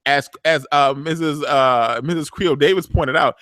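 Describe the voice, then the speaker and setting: A man's voice: a little high, normal speed, dry recording. A man hosting a show, chatting casually and retelling scenes playfully. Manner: animated, playful storyteller. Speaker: show host. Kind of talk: casual recap chat.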